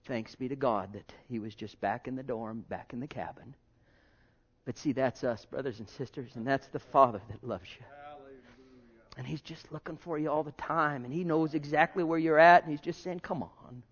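A man pastor preaching a sermon to his congregation, swinging between loud exhortation and hushed, intimate tones. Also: medium pitch, moderate pace, husky, dull audio.

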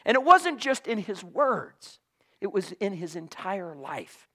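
A man preaching a sermon with great passion, swinging from loud cries to hushed whispers. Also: sits high, very animated, slow. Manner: impassioned, swings from shouting to whispers.

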